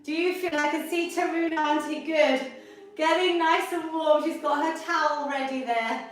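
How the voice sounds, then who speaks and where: A woman's voice: high voice, steady tone, normal speed. A woman leading a live online exercise class, encouraging and upbeat as she coaches. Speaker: fitness instructor. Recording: echoey room from far off.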